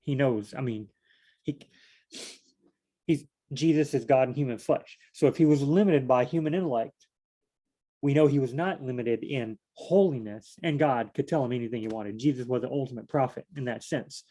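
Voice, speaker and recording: A man with a warm, mid-range voice speaks at a normal speed while leading a casual Bible study. He rambles as he reads, thinking aloud and posing questions to himself, repeating phrases and using lots of fillers.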